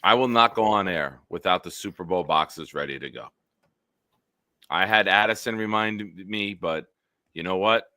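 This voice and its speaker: A man's voice: sits low, normal speed, pushed and bright, no echo, studio quality. A man hosting a casual sports talk livestream, joking and rambling and hyping up his chat. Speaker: host.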